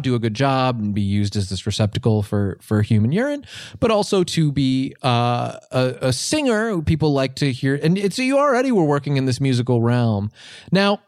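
A man improvising a comedy scene as an earnest songwriting teacher, rambling through ideas, his pitch jumping up when he gets excited. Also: normal speed, dry recording, studio quality. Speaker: comedy podcast host playing a songwriting teacher.

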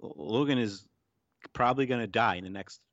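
Low-pitched man co-host, emphatic, with a dull lo-fi sound. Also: fairly quick, a bit bright, no echo. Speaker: podcast co-host. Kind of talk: casual chat.

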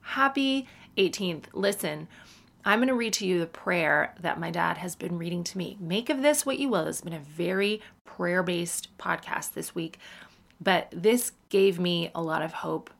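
Gravelly-voiced woman podcast host. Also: fairly low pitch. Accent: General American. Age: 30s. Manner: chatty, self-mocking, quick asides. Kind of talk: casual podcast chat.

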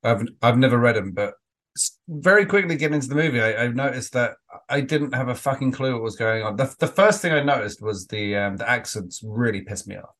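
A man's voice: medium pitch, animated, a little fast, a bit bright. A man co-hosting a casual podcast chat, rambling with frequent restarts and some swearing. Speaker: podcast co-host.

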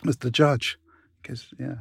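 British man in his 60s, interview guest, gravelly and husky, dry close sound, relaxed storyteller. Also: mid-range voice, takes it slowly, no echo. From Britain. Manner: relaxed anecdotal, restarts and asides.

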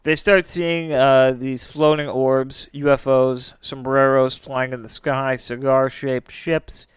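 Podcast host, male, chatty narrator with a resonant voice in a dead-quiet room. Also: mid-range voice, flat delivery, takes it slowly, clear, resonant tone, no echo. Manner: chatty, lots of filler "like". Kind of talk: casual storytelling.

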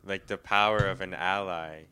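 Bright, clear-voiced man, halting chat. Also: low voice, steady tone. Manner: quiet, halting, trails off while searching for words. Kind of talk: casual chat.

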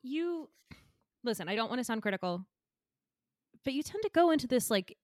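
A woman co-hosting a casual comedic podcast, gently teasing and supportive, reading a recipe out crisply. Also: a little high, big pitch swings, moderate pace, no echo, studio quality. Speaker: co-host.

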